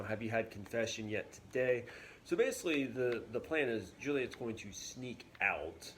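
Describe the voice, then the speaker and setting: A male teacher explaining a play in a relaxed, chatty way, with plenty of fillers. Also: on the low side, slight background noise. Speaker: English teacher. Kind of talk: casual classroom video lesson.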